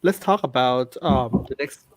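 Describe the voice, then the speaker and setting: A man with a Thai accent talks in a loose, halting way, often stopping with "um" to find his words. His voice sits at a middle pitch and sounds close and dry, with little room around it. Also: no echo. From Thailand. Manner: hesitant, many ums and restarts. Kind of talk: casual chat.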